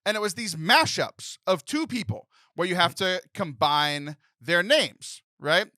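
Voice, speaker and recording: A man in his thirties hosting a comedic podcast, jokey and animated, often laughing as he talks. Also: sits high, unhurried, no echo. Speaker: podcast host. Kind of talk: casual comedic podcast chat.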